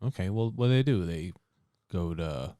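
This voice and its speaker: A man's voice: low-pitched, animated, moderate pace, mellow, no echo, clean studio sound. A man co-hosting a podcast in casual chat, talking loosely with many fillers. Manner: laughs easily, loose and conversational with many fillers. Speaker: podcast co-host.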